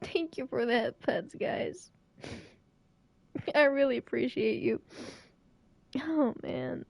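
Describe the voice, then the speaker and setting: Slow tearful young woman streamer. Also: high-pitched, vocal fry, darkish tone, no room sound. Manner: emotional, tearful, laughing reactions. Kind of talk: live game stream reaction.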